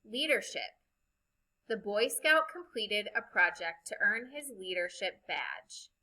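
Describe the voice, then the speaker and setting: A woman teaching a recorded reading lesson, speaking slowly and deliberately as she spells out vowel sounds. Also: mid-range voice, animated, pushed and bright, rough recording.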